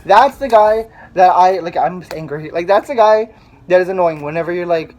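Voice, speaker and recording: A man's voice: high-pitched, moderate pace, darkish tone, highs cut off. A young man in casual chat, telling a story animatedly with lots of fillers. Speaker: vlogger host.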